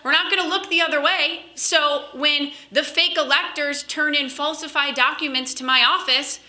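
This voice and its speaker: Bright-voiced woman giving a chatty speech. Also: high-pitched, fairly even intonation. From Western Wisconsin. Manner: chatty storytelling, quick asides. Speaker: political speaker. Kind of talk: convention speech.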